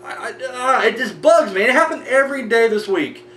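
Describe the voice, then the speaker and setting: The host of a horror movie review show has a very high-pitched, fairly bright voice with lively intonation and a slightly fast pace. His casual rant is rambling and profane, with frequent restarts, heard through a roomy, distant mic with faint hum.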